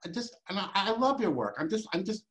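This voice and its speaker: A man's voice: high-pitched, big pitch swings, fast, fairly bright tone, low-quality recording. A man with a New York accent, debating on an academic panel, combative and emphatic, firing off rhetorical questions.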